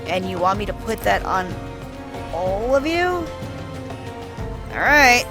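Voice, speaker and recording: Woman, casual gameplay commentary, amused, slow talker, game music behind. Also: medium pitch, big pitch swings. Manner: wry, amused, laughing at the game. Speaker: gamer. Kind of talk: casual let's-play commentary.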